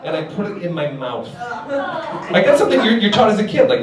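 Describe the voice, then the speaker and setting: A man's voice: high-pitched, very animated, fast, crowd noise. A man performing a stand-up comedy set on a club stage, telling stories animatedly and chuckling through his punchlines. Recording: echoey club from a distance, loud noise.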